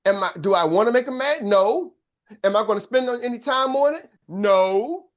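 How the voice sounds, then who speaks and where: A man's voice: high-pitched, expressive, moderate pace. An older man giving a motivational business coaching talk, emphatic and preacher-like, often checking in with his listeners.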